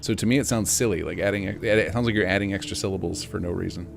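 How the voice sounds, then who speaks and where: A man's voice: sits low, quick pace, gravelly, slight background noise. An American man chatting casually to viewers on a live game stream, rambling in a chatty way. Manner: rambling, chatty, talks to chat.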